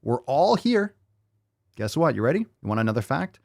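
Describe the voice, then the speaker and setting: A man hosts a podcast with a casual, profane rant, repeating lines for effect. His pitch leaps up and down as he talks. The sound is dry and close, with no room around it. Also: big pitch swings, normal speed, creaky, darkish tone, dry recording. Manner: profane, incredulous, repeats phrases for emphasis. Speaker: podcast host. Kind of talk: casual ranting commentary.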